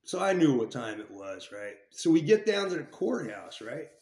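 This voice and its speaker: A man's voice: on the high side, very animated, normal speed, darkish tone, reverberant. A man casually telling a story from his time in jail, swearing freely and restarting his sentences often. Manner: profane and rambling with many restarts.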